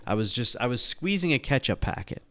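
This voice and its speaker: A man from the Bronx hosting a podcast, telling childhood stories in a lively, profane, laughing way into a studio mic. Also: mid-range voice, brisk, dry recording. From the Bronx, New York. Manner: animated, profane, laughing at his own stories. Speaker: podcast host. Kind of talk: casual storytelling.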